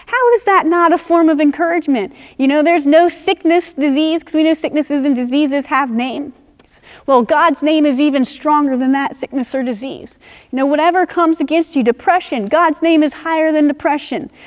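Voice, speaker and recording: A woman's voice: sits high, normal speed, in a large hall. A woman preaching a sermon in an earnest, conversational way, often saying "you know" as she explains scripture.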